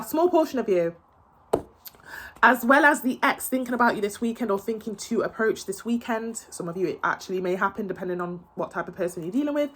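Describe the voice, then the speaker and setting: A woman's voice: medium pitch, a little hiss or hum. A woman giving a casual tarot reading to her viewers, earnest and reassuring, with many fillers and repeated words. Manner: emotional, tearful, earnest and reassuring. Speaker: tarot reader.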